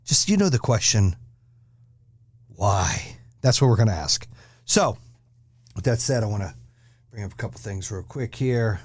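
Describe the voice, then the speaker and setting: Foul-mouthed ranting podcast host, dry sound. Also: male voice, fairly low pitch, animated, moderate pace, long pauses, a little mellow, dry recording. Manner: blunt, aggressive, swears constantly. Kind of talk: profane ranting monologue.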